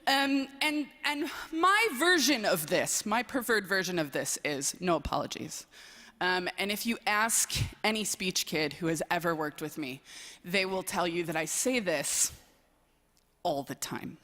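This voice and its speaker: A woman's voice: on the low side, expressive, measured pace, pushed and bright. A young woman from southern Wisconsin giving a playful, self-deprecating personal talk at a college chapel service, with lots of "um"s. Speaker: chapel speaker, speech coach. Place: large chapel. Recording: long reverb in a large chapel.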